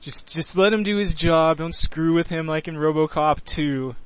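Joking man over a lively crowd. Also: fairly high pitch, normal speed. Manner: playful, mock-outraged banter. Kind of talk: casual chat.

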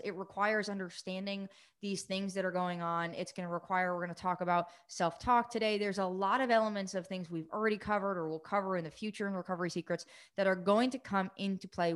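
A woman recovery coach hosting a live coaching session, talking quickly and eagerly, greeting viewers by name. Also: mid-range voice. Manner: fast, excited, energetic delivery.

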